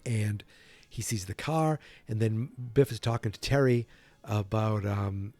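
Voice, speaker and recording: A man hosts a podcast and casually retells a film from memory, rambling, correcting himself and yawning. His voice has a mellow, dark tone, recorded close and dry. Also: fairly low pitch, measured pace, no room sound. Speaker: podcast host.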